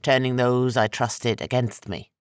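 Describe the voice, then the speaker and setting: A man voicing an ancient, menacing sorcerer with slow, heavy, rasping speech for an audiobook. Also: mid-range voice, fairly even intonation, dry recording, clean studio sound, lightly acted.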